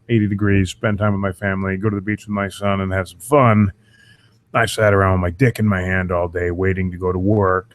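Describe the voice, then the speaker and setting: A man's voice: deep voice, low-quality recording. A young man hosting a casual show, ranting bluntly with lots of swearing while losing his voice. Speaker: show host. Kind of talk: profane casual rant to a live audience.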